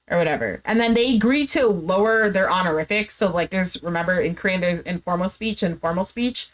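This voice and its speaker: A woman's voice: mid-range voice, expressive, brisk, few pauses, fairly bright tone. A young woman giving a casual, chatty recap of a reality show, explaining as she goes and often saying "like".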